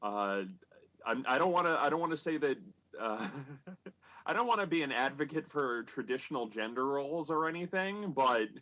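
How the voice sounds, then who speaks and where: A man with a bright, sharp-toned voice tells a comic family story over a video call. He hedges and restarts often, padding his lines with fillers. His pitch sits in an ordinary middle range. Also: expressive, moderate pace, lo-fi sound. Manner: hesitant, many fillers and restarts. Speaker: stand-up comic. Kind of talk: comedic storytelling.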